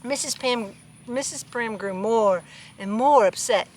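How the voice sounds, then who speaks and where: A storybook reader with a fairly high, slightly mellow voice takes her time reading a children's picture book outside on a farm, pausing for playful remarks to her animals. The recording is low quality, with slight background noise.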